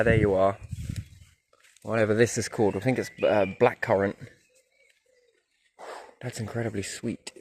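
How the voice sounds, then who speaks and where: An Englishman muses aloud as he walks through riverside woods, his speech often sinking to quiet wondering asides. His voice sits on the low side. Faint birdsong carries behind him. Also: background noise. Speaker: vlogger. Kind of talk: musing walking commentary.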